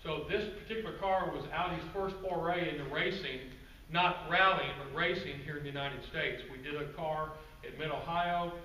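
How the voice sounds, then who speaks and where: A man giving a guest-speaker presentation to a club audience, telling stories in a relaxed, conversational way with asides to the crowd. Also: fairly high pitch, normal speed, few pauses. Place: meeting room with an audience. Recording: roomy, distant, faint background noise.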